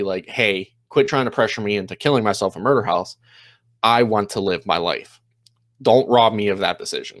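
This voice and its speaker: A man gives a loose, rambling recap of an episode, packed with "you know" and "um," and drops into quick quoted lines along the way. His voice is somewhat low and a bit bright. The audio is dry and close with little room echo.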